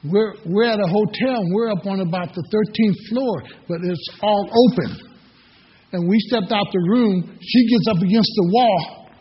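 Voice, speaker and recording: High-voiced husky preacher man in echoey hall. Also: moderate pace. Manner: folksy storytelling preacher. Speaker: pastor. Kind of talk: sermon. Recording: echoey hall, dull lo-fi sound.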